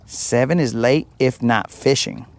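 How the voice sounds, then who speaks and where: A man's voice: medium pitch, a little slow. A man hosting a live fishing stream from a boat outdoors, chatting to viewers in a casual, joking, slangy way. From United States. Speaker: fishing livestream host.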